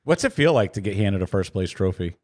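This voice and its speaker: A man's voice: low-pitched, big pitch swings, fairly quick, a little mellow. Joking man mock-ranting on a chat show. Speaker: podcast co-host. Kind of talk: casual chat.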